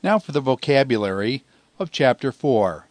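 A man teaching a grammar lesson in a measured way, pausing often and drawing out phrases so listeners can repeat them. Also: mid-range voice, sing-song, no echo. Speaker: Greek teacher. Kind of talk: slow, deliberate grammar lecture.

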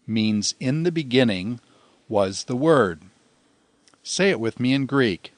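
A man gives a deliberate, unhurried language lesson, stretching out each phrase so it can be repeated after him. His voice sits at an ordinary middle pitch. It is recorded close and dry, with no room sound. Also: expressive, no echo. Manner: measured, pausing often, drawn-out Greek phrases for repetition. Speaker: Greek teacher. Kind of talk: slow, deliberate grammar lecture.

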